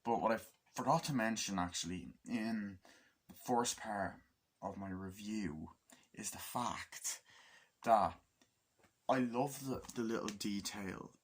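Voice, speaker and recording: A somewhat low-voiced man chats loosely through a movie review. He swears often and keeps slipping into quoted voices to act out the scenes. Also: slow, slightly rough. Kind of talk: casual spoken movie review.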